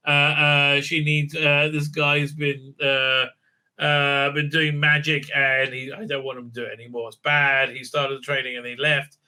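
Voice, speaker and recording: A man with a very bright, ringing voice and a slightly raised pitch talks through a casual recap and review. He digresses often and is sarcastic, and he fills gaps with plenty of hesitant sounds. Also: level tone, a little slow, clear, resonant tone. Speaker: YouTube reviewer.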